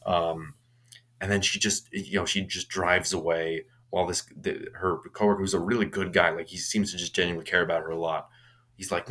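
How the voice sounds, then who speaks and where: A man's voice: low-pitched, little pitch movement, brisk, fairly bright tone. A young man casually retelling a horror movie's plot, rambling with frequent restarts and fillers. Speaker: movie reviewer.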